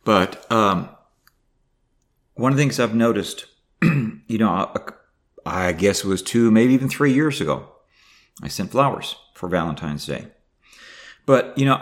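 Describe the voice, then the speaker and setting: An older man talking to the camera in a personal video diary, halting and emotional, with many fillers and restarts. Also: medium pitch, sing-song. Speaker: vlogger.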